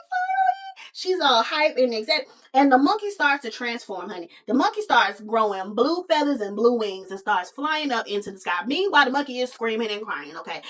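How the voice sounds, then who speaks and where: A woman's voice: a little high, a bit bright. A woman hosting a podcast, retelling a story in a sassy, casual way and calling listeners honey and baby. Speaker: podcast host. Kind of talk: casual movie recap.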